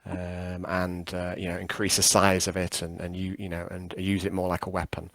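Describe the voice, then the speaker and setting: Gravelly, hesitant man game master. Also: deep voice, completely flat delivery, normal speed, a bit bright, dry recording. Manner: rambling, hesitant, many fillers and restarts. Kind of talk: running a tabletop game over a call.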